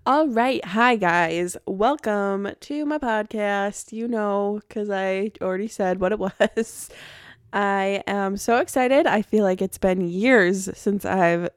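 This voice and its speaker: A woman's voice: medium pitch, slow, dry recording, studio quality. A woman hosting her own podcast, chatting casually and rambling, with frequent laughs. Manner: bubbly, laughs often, rambling. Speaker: podcast host. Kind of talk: casual chat.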